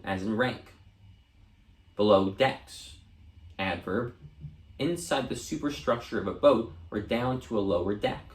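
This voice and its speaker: A man reading dictionary entries aloud for an audiobook, measured and deliberate, sometimes restarting a word. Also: medium pitch, roomy sound. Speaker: audiobook reader.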